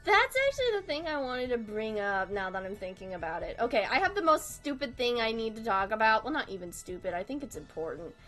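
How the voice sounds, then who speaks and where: A woman's voice: on the high side, sing-song, brisk, hardly any pauses, a bit bright, soft background music. A young woman chatting casually on a live stream while drawing, swearing freely and laughing through her sentences. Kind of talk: casual livestream chat.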